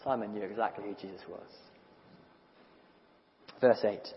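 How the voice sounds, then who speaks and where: Animated preacher in an echoing church. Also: male voice, fairly low pitch, slight background noise. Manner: animated and conversational, with small restarts and quick asides. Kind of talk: sermon. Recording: dull lo-fi recording in a reverberant church hall.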